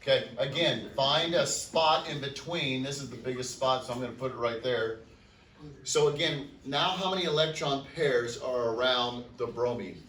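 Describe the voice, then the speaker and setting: A male teacher lectures a class in an upbeat, joking way, counting out loud and firing questions at his students. His voice is bright and forceful. It is recorded in an echoey classroom, picked up from across the room. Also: medium pitch, moderate pace. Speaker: chemistry teacher. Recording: echoey classroom, mic far off.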